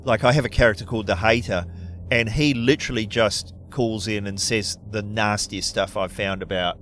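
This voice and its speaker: A man's voice: lowish voice, fairly even intonation, normal speed, fairly bright tone, slight background noise. A man hosting a podcast, chatting casually in an easygoing, wry way. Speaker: podcast host. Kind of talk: casual chat.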